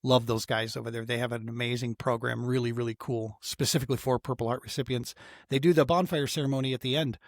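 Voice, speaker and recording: Talking fast in a mid-range, fairly even voice, a middle-aged outdoor therapy founder shares an emotional story as a guest in a casual podcast interview. He's earnest, keeps saying "man," and frequently starts sentences over. The sound is clean studio quality without echo.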